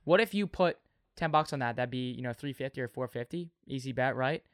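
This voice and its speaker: A man's voice: mid-range voice, brisk, no echo, studio quality. A young man co-hosting a casual sports betting chat, steering topics and reading out scores and odds. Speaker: sports podcast co-host.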